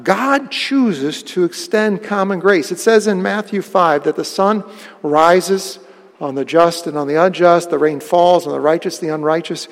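Guy preaching a sermon, kinda high and gravelly, big emphatic bursts, echoes around the hall. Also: a little slow. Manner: lively storytelling with bursts of emphasis. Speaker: pastor.

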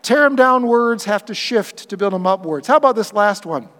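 High-voiced pastor preaching in a reverberant hall. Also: male voice, normal speed. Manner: animated preaching, acts out quoted voices for humor. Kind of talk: sermon.

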